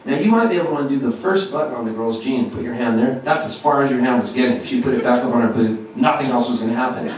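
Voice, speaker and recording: Male folk singer, 50s, onstage storyteller, self-mocking and animated; very echoey, distant live recording. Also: medium pitch, fast, hardly any pauses, slight background noise. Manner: animated, self-mocking, laughing at his own jokes. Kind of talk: onstage storytelling between songs. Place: live music venue. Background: guitar.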